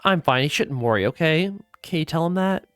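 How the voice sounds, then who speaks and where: Woman reading a gentle princess, soft, worried, dry close sound. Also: sits low, animated, a little fast, smooth, no room sound, soft background music.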